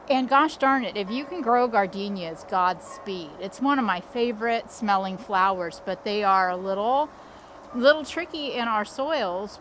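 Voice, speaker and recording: A woman's voice: mid-range voice, fairly bright tone, a little hiss or hum. A middle-aged woman hosting a casual backyard walkthrough, chatty and upbeat, recorded outdoors. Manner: chatty and upbeat, with small restarts. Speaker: landscape designer and channel host.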